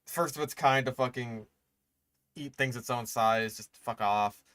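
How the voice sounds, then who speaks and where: Sarcastic swearing streamer, dry mic. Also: male voice, mid-range voice, unhurried, a bit bright, clear, resonant tone, no echo. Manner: exasperated, sarcastic, swears often. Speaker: streamer reacting to a video. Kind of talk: casual profane live-stream commentary.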